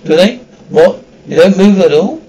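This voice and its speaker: A man's voice: high voice, moderate pace, mellow, lightly acted, poor audio. Ron, a man doing a chatty young schoolboy wizard. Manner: chatty and blunt. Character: excitable red-haired schoolboy wizard. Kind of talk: audiobook character reading.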